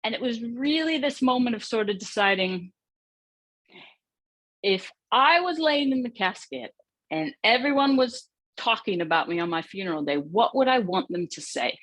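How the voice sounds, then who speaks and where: A woman's voice: on the high side, animated, normal speed, a bit bright, dry recording. A woman giving an earnest, reflective keynote speech, telling a personal story and asking rhetorical questions. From United States. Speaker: conference speaker, former footballer.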